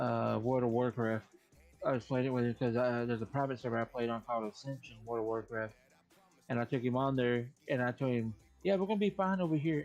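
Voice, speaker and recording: A man in casual chat with a fellow streamer, laid-back, laughing along and swearing. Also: mid-range voice.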